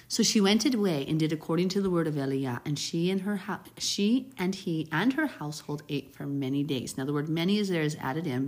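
A woman's voice: deep voice, breathy edge. A woman reading a Bible passage aloud and commenting on it in a chatty, heartfelt way. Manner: warm, chatty, reads scripture with brief emotive asides. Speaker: Bible teacher.

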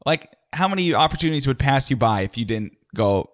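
A man's voice: medium pitch, expressive, fairly quick. A man co-hosting a podcast, teasing his partner in a dry way and arguing the opposite side for laughs. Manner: dry, teasing, plays devil's advocate. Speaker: podcast co-host. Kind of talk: casual chat.

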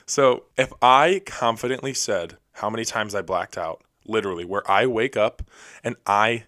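A young man hosting a podcast alone, telling stories in a rapid, rambling, self-deprecating way. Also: fairly low pitch, bright, forceful tone, dry recording, studio quality. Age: young adult. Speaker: podcast host. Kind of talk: casual solo storytelling. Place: recording alone.

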